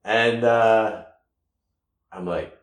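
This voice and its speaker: A man from the United States telling a personal story casually, rambling with halting restarts and sudden loud bursts. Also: fairly low pitch, steady tone. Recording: echoey room.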